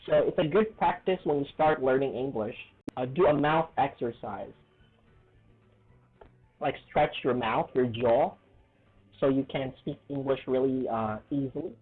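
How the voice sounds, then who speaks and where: Male English teacher, chatty and repetitive; husky voice, phone-like audio. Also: medium pitch, a little slow, long pauses, soft background music. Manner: chatty, repeats himself, asks "okay?" and "right?" often. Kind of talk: casual video lesson. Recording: tinny phone-like sound.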